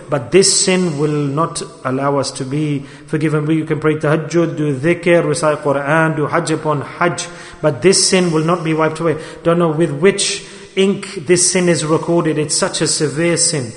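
A man with a high voice delivers an emphatic sermon. He repeats his points and keeps asking his listeners rhetorical questions. His voice rings through a hall with a long, roomy reverb. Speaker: preacher.

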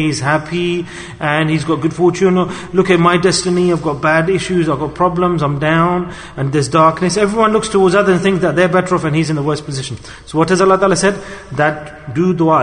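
A man's voice: on the high side, in a large hall. A man giving an earnest sermon, asking rhetorical questions and acting out people's pleading prayers. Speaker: preacher.

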